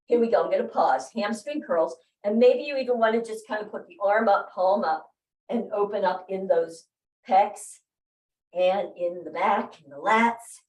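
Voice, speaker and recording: A woman's voice: mid-range voice, normal speed, a little mellow. A woman leading a workout class, cueing moves, counting reps and encouraging her group. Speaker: fitness instructor. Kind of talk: live workout class instruction. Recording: roomy, mic far off.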